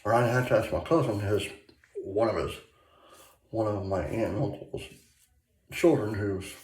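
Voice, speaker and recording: With a fairly low, slightly mellow voice and moderate pace, this Michigan man, a shaving vlogger, rambles casually with many fillers and restarts. The bathroom recording is echoey, with tap water faintly audible.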